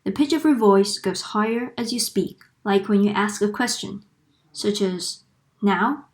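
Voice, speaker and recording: A young woman from Taiwan with a Taiwanese Mandarin accent, teaching pronunciation slowly and deliberately, demonstrating one sound at a time. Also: medium pitch, a little mellow. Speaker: language tutor. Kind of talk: slow, careful pronunciation lesson.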